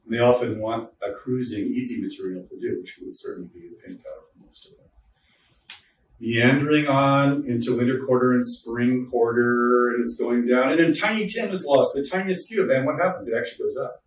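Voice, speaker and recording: A man's voice: mid-range voice, fairly quick. A man giving an informal workshop lecture to teachers, chatty and joking, with asides to the audience. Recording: roomy echo, distant mic, faint noise.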